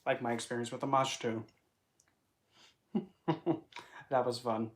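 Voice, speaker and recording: Slow and flat in delivery, a medium-pitched spiritual vlogger chats to camera in a rambling, playful way, often breaking into funny voices. Puns and asides pepper the talk.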